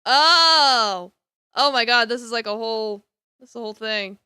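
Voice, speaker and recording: A woman's voice: on the high side, moderate pace, bright, forceful tone, smooth, no room sound, clean studio sound. A young woman streaming a game, chatting casually and thinking aloud in a bemused way. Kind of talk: casual gameplay commentary.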